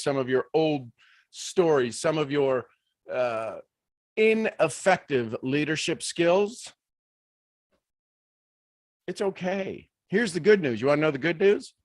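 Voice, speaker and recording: A man giving a motivational leadership talk on a live stream, animated, full of rhetorical questions and restarts. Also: a little high, dry recording. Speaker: leadership speaker.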